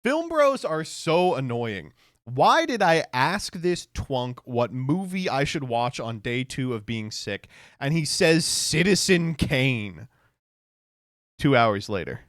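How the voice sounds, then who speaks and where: A man streaming, reacting to posts in a casual, animated way, laughing often and swearing. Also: mid-range voice, takes it slowly, no room sound, studio quality.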